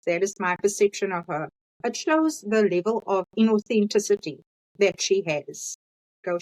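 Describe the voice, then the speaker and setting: A woman's voice: medium pitch, no echo, poor audio. A woman with a Cape Town accent, a podcast guest giving her frank personal opinions. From Cape Town, South Africa. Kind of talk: casual discussion.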